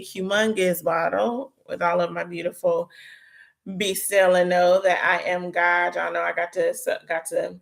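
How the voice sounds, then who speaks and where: A young woman with a fairly low voice and vocal fry hosts a casual livestream chat. She sounds tired but stays chatty and prayerful, talking to her viewers as "y'all."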